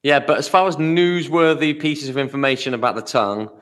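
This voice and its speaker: A man co-hosting a podcast in casual chat, rambling and trailing off quietly at the ends of phrases. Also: a little high, a little fast. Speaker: podcast co-host.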